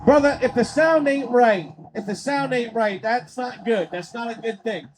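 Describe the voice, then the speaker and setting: A man calling wrestling play-by-play on a live stream, excitable and profane, swinging into shouts. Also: very high-pitched, normal speed, rough recording. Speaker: play-by-play commentator.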